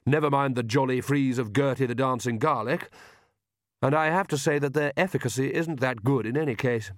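Putting on a storybook character, a male reader plays a smug, fussy young gentleman vampire who drawls with lazy, faintly mocking amusement. The voice sits at a middling pitch, close to an everyday voice, and sounds close and dry with no echo, its mood smooth and amused.

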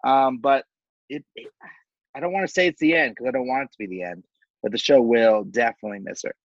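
A man's voice: mid-range voice, fast, no room sound, lo-fi sound. A man co-hosting a casual reality TV recap podcast, laid-back and slangy with lots of fillers. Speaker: podcast co-host.

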